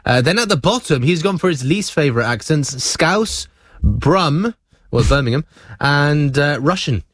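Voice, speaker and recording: A man's voice: a little high, animated, unhurried, no room sound, studio quality. A man hosting a breakfast radio show, chatting casually, laughing often and reading out listener messages.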